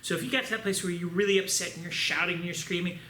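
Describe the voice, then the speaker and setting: A man's voice: high voice, fairly even intonation, very fast, pushed and bright. A man teaching a children's martial arts class online, coaching upbeat and often checking in with the kids. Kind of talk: online kids' class instruction. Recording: echoey room with faint ambient noise.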